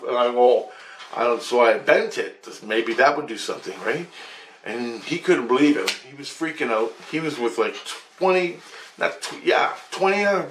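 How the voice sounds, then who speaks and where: A man's voice: medium pitch, lively intonation, moderate pace, a bit bright, reverberant, slight background noise. A man vlogging a rambling account of a dream, repeating himself, restarting sentences and swearing often. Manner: repetitive with restarts and frequent swearing.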